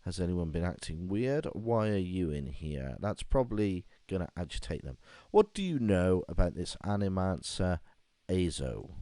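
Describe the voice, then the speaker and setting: Deep-voiced gamer ranting over play. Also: male voice, moderate pace, dry recording. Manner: reads game text aloud, breaks into animated rants. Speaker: gaming video host. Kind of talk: game playthrough commentary.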